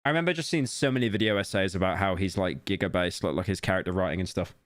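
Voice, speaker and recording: A man streaming casual reaction commentary, rambling and joking with sudden high-pitched outbursts. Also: quick pace, no echo, studio quality.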